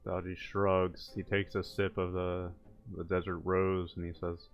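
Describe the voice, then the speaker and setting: A man's voice: low-pitched, completely flat delivery, unhurried, clear, resonant tone, dull audio, soft background music. A man playing a tabletop game, casually narrating what his character does. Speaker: player. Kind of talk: narrating own character's actions.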